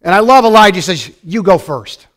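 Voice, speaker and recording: Pastor, male, high-pitched, preaching with lively swings between soft and loud delivery. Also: brisk. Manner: animated storytelling with wide swings from quiet to loud. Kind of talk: sermon.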